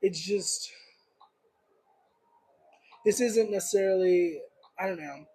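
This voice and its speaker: A man's voice: high-pitched, slow pace, warm tone, a little hiss or hum, poor audio. A young man giving a casual livestream tarot reading, rambling and searching for words with lots of fillers. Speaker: tarot reader.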